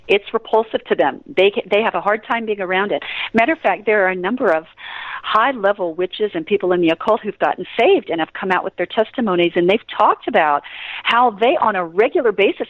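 A woman's voice: mid-range voice, no room sound, lo-fi sound. A woman guest on a radio interview, telling stories with energy, laughing often and breaking into prayer. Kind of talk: animated interview storytelling.

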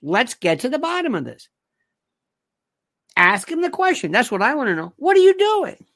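A man's voice: high voice, very animated, moderate pace, sharp tone. A man hosting an opinionated commentary monologue, firing off incredulous rhetorical questions.

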